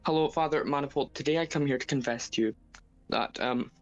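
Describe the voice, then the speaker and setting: A man's voice: mid-range voice, brisk, dull audio, soft background music. A man with a Scottish accent, hesitant and stammering, making a comedic mock confession over a voice call. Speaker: caller confessing.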